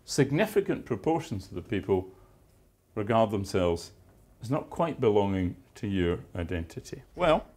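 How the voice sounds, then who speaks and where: A man's voice: on the low side, very animated, normal speed, a little mellow, slightly rough. A man giving a university lecture, with dry, wry asides and emphatic stresses on key words. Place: lecture theatre.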